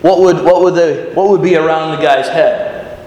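A man preaching a sermon to children, animated and often asking them questions. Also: a little high, moderate pace. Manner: animated, questioning the audience, restarts. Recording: echoey hall with faint noise.

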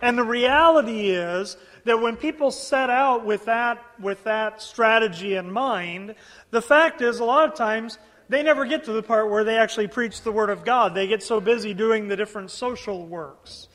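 A man's voice: sits high, normal speed, a bit bright, long reverb tail. A man preaching a verse-by-verse sermon, reading scripture aloud and then explaining it in earnest, often repeating words as he builds his points. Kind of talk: expository sermon.

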